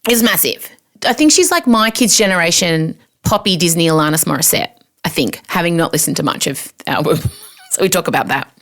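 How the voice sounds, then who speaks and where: A woman's voice: on the low side, expressive, a little fast, fairly bright tone. Aussie lady in her 40s hosting a podcast, chatty and self-mocking, tells stories with loads of energy. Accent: Australian. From Australia. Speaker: podcast host. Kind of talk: casual monologue.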